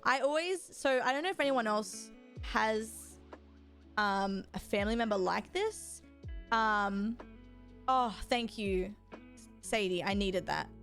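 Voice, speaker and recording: A woman's voice: mid-range voice, slow pace, fairly bright tone, faint music behind. A young woman, chatting casually with her chat while gaming, rambling and swearing freely. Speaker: streamer.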